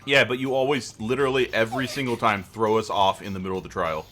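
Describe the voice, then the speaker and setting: A man's voice: fairly low pitch, steady tone, fast, a bit bright, close to an everyday voice. A man voicing an athletic teenage girl, grieving and defiant, reading game dialogue in a stubborn, protective way.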